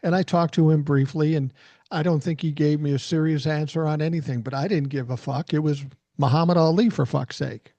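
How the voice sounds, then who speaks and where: A man co-hosting a casual podcast, telling animated stories and swearing freely. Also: on the high side, a little fast, dry recording, dull audio. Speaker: podcast co-host. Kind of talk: casual storytelling chat.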